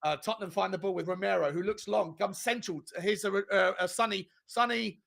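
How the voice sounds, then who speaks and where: Irish guy yelling play by play on a fan stream, high gravelly voice, swears a lot. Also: brisk. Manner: shouts and screams at big chances, swears. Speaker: live match commentator. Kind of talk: excited fan play-by-play commentary.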